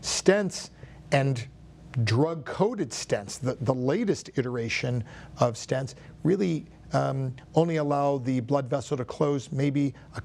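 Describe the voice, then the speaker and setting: A male cardiologist explains in a measured, teacherly way in a TV studio. His voice has a gravelly edge, and he sits at a mid pitch. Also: darkish tone. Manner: measured explaining, some restarts. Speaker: cardiologist guest.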